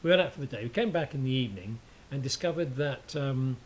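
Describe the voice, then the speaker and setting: A man's voice: mid-range voice, animated, quick pace, poor audio. A man telling a story in a casual chat, hesitant with many ums and a dry teasing humour, over a faint hiss.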